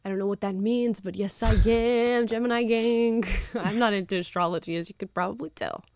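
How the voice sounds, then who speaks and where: A woman's voice: medium pitch, steady tone, brisk, slight background noise. A woman hosting a livestream in casual chat, talking loosely with lots of "like". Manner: chatty, leans on "like" as filler. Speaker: livestream host.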